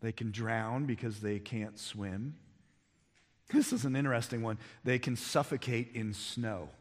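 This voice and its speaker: A man preaching a sermon as pastor, emphatic, building to near-shouts on key points. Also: medium pitch, unhurried. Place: church sanctuary. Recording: long reverb of a large hall.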